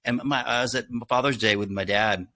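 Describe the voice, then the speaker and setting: A middle-aged man from Texas, a guest on an interview show, telling stories in a lively way and acting out quotes. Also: medium pitch, brisk. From Texas, USA. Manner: animated storyteller, acts out quotes. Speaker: guest, handwriting expert. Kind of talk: casual interview talk.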